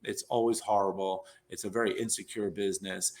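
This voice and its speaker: With a lowish, steady, darkish voice and a brisk delivery, a neurologist from New York in his fifties guests on a podcast. In this casual interview he tells long, meandering stories, often restarting and leaning on fillers.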